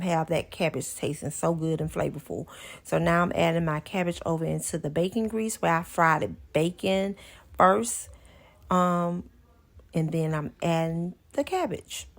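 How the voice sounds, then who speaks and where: Woman, cooking vlog voice-over, low voice, gravelly texture, chatty homey how-to. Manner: chatty, homey instructions with repeated phrases. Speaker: cooking channel host.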